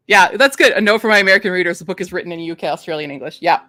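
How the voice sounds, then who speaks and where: A woman's voice: lowish voice, sharp tone, no room sound. Chatty woman reviewing books. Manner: chatty, laughs often, reads aloud. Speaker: book reviewer host. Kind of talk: casual chat.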